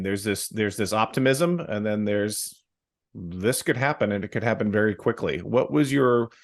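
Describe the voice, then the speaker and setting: Low-voiced male host, halting questions. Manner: halting, rephrases questions with many restarts. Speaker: podcast host. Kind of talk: interview questions.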